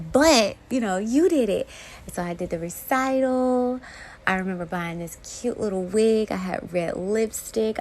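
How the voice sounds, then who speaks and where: A young adult woman hosting a casual solo podcast, talking in a candid, heartfelt way that swings between soft and bright. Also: lowish voice, gravelly, a little hiss or hum. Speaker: podcast host.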